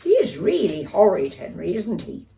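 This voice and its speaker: An older woman reading a children's story aloud with lively expression, talking to young listeners. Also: mid-range voice, moderate pace, vocal fry, far from the mic.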